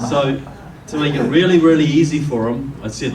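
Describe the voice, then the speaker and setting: A man's voice: on the high side, slow. Male guest speaker with a New Zealand accent, folksy storytelling delivery, recorded from a distance in a roomy hall with faint noise. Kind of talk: public speech to a live audience. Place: meeting room with an audience.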